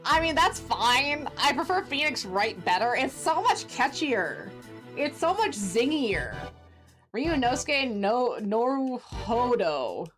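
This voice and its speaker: A young woman chatting excitedly while streaming a game, over game music. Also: a little high, slow pace. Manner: chatty and excitable, reacts aloud. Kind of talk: casual gameplay commentary. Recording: game music playing under the voice.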